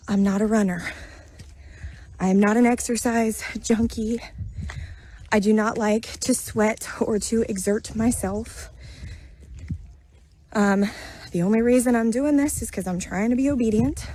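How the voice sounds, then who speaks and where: A woman telling a personal spiritual testimony in an earnest, halting way, full of fillers and restarts, recorded outdoors on a road. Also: a little high, darkish tone. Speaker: vlogger sharing a spiritual testimony.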